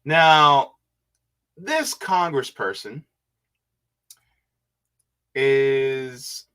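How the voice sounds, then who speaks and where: A man hosting a casual livestream, reading viewer comments aloud and musing on them in a laid-back way with quiet hums. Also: medium pitch, drawn-out words, clear, resonant tone.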